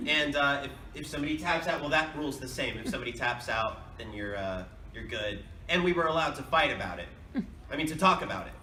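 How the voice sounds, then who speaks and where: A man's voice: mid-range voice, animated, a little fast, pushed and bright. A man, a voice actor, answering fan questions at a convention panel in a rambling, chatty way with frequent laughs. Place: large convention hall. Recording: echoey hall, distant mic, noisy.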